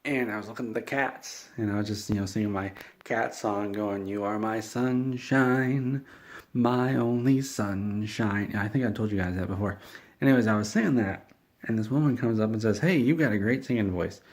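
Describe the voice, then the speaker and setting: A man telling a rambling, deadpan comedic story, meandering and halting with frequent restarts. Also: on the low side.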